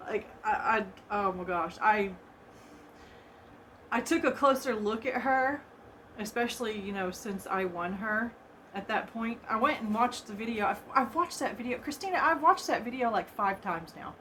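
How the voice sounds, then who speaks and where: A woman chatting casually to her viewers from a room at home as she unboxes a gift, excitable and gushing, laughing often and repeating herself. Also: on the high side, normal speed, slight background noise. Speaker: vlogger opening a gift box.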